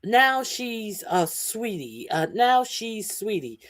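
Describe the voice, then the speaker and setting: A woman's voice: medium pitch, very animated, takes it slowly, no echo. Angry, cursing woman commentator, very dry sound. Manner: angry, cursing, many filler "uh"s. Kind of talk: heated commentary over a clip.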